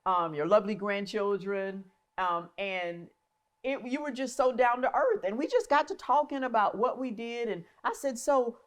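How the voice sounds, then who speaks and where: A middle-aged woman hosting a casual interview, telling a lively story and acting out what people said. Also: fairly high pitch, normal speed. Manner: animated storyteller, acts out quotes. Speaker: host.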